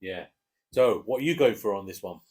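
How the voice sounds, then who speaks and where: Relaxed English dad chatting football. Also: male voice, fairly low pitch, brisk. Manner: relaxed, hesitant with fillers, chuckling. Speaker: co-host giving match predictions. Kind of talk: casual chat.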